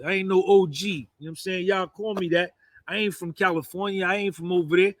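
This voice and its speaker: A man's voice: high-pitched, fairly even intonation, brisk, a bit bright, no echo. A man in his fifties with a New Jersey accent, delivering a boastful, rambling monologue full of "man" and "you understand". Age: 50s.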